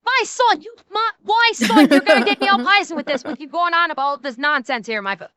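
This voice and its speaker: A woman putting on a rowdy, exasperated male Newfoundland local with a heavy Newfoundland accent, scolding fast. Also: high voice, expressive, pushed and bright, no echo, voice pushed up. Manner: scolding, rapid, heavy dialect.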